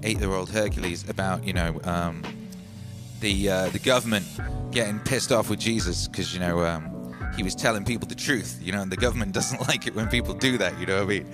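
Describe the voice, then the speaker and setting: A man hosting a casual livestream, reading out viewer comments, loose and playful, swinging between loud hype and hushed musing. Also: low-pitched, brisk, music in the background. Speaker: livestream host.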